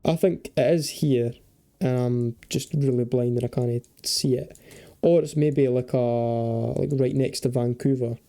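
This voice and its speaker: A man's voice: mid-range voice, steady tone, unhurried, mellow. A young man giving chatty, casual commentary while playing a geography game, thinking aloud and swearing and joking freely. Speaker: gaming video creator.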